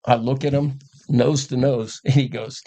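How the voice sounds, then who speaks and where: An older man with a husky, slightly breathy voice recounts old coaching stories in a relaxed podcast conversation. He talks casually and acts out the lines of the people in his stories, laughing as he goes. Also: medium pitch, normal speed. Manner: animated storyteller who acts out quotes and laughs. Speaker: guest, former coach.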